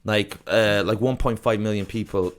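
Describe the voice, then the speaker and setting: A man's voice: lowish voice, fairly even intonation, normal speed. A man from the south of Ireland with an Irish accent, chatting casually as a podcast guest, rambling and profane with lots of fillers. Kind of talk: casual chat.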